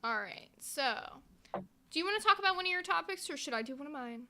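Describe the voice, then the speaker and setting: A woman's voice: high voice, animated, a little fast, pushed and bright, slight background noise. A woman hosting a livestream in casual chat, blunt, bossy and profane. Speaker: livestream host.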